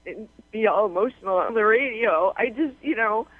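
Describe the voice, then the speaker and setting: A tearful woman calling in to a radio show, talking in a halting, rambling way with many restarts and fillers. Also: mid-range voice, no echo. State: tearful, on the verge of crying. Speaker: radio caller. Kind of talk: emotional phone call to a radio show. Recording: tinny phone line.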